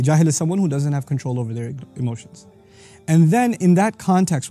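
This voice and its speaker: A man teaching on scripture in an energetic explanatory talk, reciting verses quickly and then explaining them. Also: on the high side. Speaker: Quran teacher.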